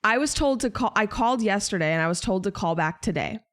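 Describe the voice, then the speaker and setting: A young woman chats casually to her stream audience, venting in a loose, exasperated way with the odd curse word. Her voice sits at an ordinary middle pitch for a woman. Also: animated, quick pace, fairly bright tone. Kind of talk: casual chat to stream viewers.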